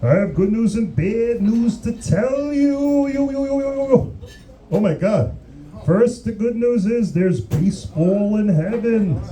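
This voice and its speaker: A man voicing an old retired brother calling from the afterlife in a high, eager voice. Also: animated, measured pace, dark tone, poor audio. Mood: excited.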